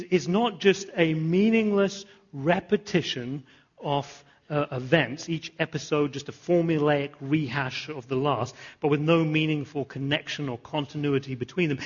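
Husky man preaching a sermon. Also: fairly high pitch, highs cut off. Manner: animated, repeats phrases, asks the congregation questions. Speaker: pastor. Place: church.

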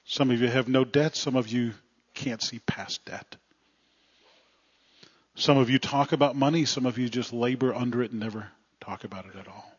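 An earnest male pastor delivering a sermon in plain, practical words. His voice sits in an ordinary middle register and often sinks soft at the end of a phrase. The recording is somewhat dull and muffled. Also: mid-range voice, steady tone, moderate pace, husky. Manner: plainspoken, earnest, trailing off quietly at phrase ends.

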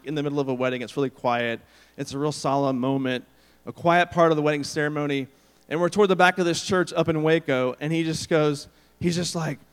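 A man's voice: a little high, clean tone. A middle-aged man preaching a sermon, telling stories and acting out the quotes. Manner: storytelling, animated, acts out quotes. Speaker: pastor. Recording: long hall reverb.

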